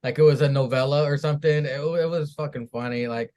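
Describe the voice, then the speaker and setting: A man's voice: on the high side, steady tone, a little fast, a little mellow. A man co-hosting a wrestling podcast, recapping the events and cursing as he jokes about them. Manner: recaps events, then swears and laughs at them. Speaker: podcast co-host. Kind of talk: reading and joking through a wrestling recap.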